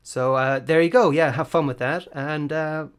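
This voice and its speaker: A man's voice: fairly high pitch, fairly even intonation, moderate pace, clean tone. A man co-hosting a screenwriting podcast, chatty and loose with frequent ums and restarts. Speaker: podcast co-host. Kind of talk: casual chat.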